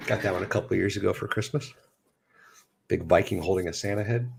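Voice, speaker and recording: A man's voice: deep voice, fairly quick, vocal fry, slightly rough. A man co-hosting a casual late-night stream, joking dryly and reading a passage aloud in a grave tone. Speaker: podcast co-host and chat mod.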